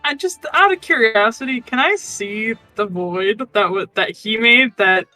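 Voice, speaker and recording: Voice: medium pitch, animated, a little slow, pushed and bright, soft background music. A player in a tabletop game, speaking dryly and sarcastically. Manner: dry, sarcastic.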